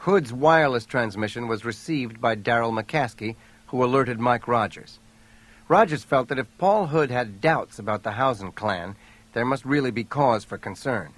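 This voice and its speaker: Man, audiobook narrator, mid-range pitch, steady storytelling. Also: normal speed. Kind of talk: scripted narration.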